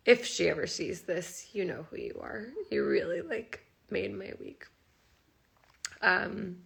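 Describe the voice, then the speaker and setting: Young woman vlogger near tears, very gravelly vocal fry, bright edge, rambling live phone chat. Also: mid-range voice. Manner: emotional, rambling, heavy use of "like". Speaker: animal rescuer and channel host. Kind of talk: casual live-stream chat.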